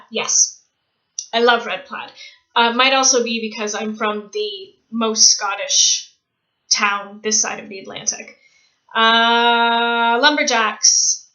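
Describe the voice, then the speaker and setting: A woman's voice: fairly high pitch, bright, forceful tone, highs cut off. A woman from Canada with a Canadian accent, chatting casually on her vlog, self-mocking and laughing often, switching between English, French and Japanese. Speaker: vlogger.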